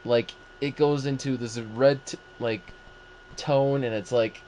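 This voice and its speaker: A man's voice: mid-range voice, fairly even intonation, slow, mellow. A man hosting a casual movie podcast, rambling and acting out his own reactions as he talks. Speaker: podcast host. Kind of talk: casual movie review chat.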